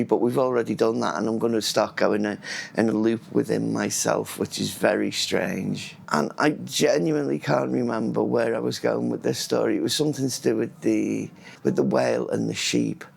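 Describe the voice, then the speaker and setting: A man's voice: mid-range voice, slight background noise. A man vlogging in a casual, rambling monologue, often losing his thread and restarting words. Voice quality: gravelly and husky.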